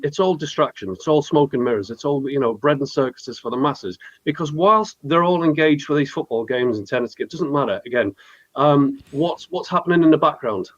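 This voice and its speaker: A man's voice: a little high, no echo. A male guest in casual talk-show chat, blunt and ranting with swearing. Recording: dull lo-fi line.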